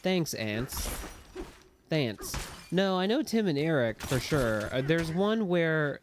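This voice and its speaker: A man's voice: fairly high pitch, very animated, a little slow, a little hiss or hum. A man giving casual, rambling gameplay commentary on a stream, joking and swearing as he plays.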